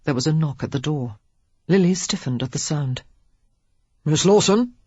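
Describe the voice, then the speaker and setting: An audiobook narrator reading a historical romance in a steady, measured way. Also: mid-range voice, breathy edge, no room sound. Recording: dull lo-fi audiobook recording.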